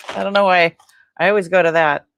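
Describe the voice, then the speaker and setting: Tired, gravelly woman host chatting. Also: lowish voice, steady tone, moderate pace, fairly bright tone, slight background noise. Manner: chatty, rambling, laughs often. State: tired, yawning. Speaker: host selling antiques in a live sale. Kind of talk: casual live-stream unboxing chat.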